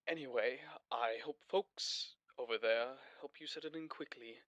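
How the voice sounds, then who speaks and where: A man voicing a remorseful TV-headed man leaving a halting, hushed apology on a voicemail. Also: mid-range voice, dry recording, highs cut off, close to an everyday voice.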